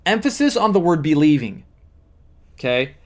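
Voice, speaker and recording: A man's voice: on the high side, big pitch swings, normal speed. A man speaking as a manifesting coach, explaining step by step in an earnest teaching monologue with repeated emphasis.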